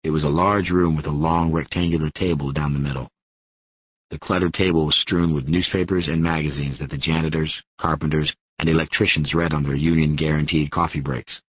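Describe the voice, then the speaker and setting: A man reading an audiobook in steady first-person narration on a studio microphone. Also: rumbling low, fairly quick, slightly rough, no room sound, highs cut off. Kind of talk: scripted narration.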